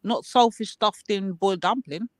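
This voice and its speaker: Guy with a high voice, chatty and teasing, dry close sound. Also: moderate pace, dry recording. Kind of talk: casual live chat.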